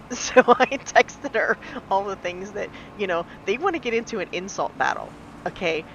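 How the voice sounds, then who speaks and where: A woman's voice: fairly low pitch, animated, normal speed, fairly bright tone, highs cut off, slight background noise. Chatty laughing woman in her forties. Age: 40s. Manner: chatty, laughs often, acts out quoted people. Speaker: live streamer. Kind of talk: casual storytelling chat while gaming.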